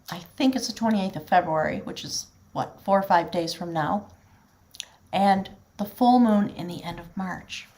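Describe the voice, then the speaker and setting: A woman's voice: mid-range voice, darkish tone, slight background noise. A woman gives a spiritual tarot reading, talking directly to her audience in an earnest, flowing manner. Her voice sits in an ordinary middle range for a woman, and she sounds heartfelt and sincere throughout. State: choked up with emotion at times. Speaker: tarot reader.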